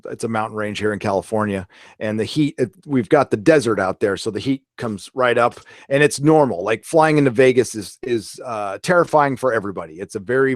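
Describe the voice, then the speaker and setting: A man's voice: mid-range voice, no room sound, studio quality. A man hosting a casual pop culture livestream, talking in a rambling, chatty way and cursing freely. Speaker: pop culture show host.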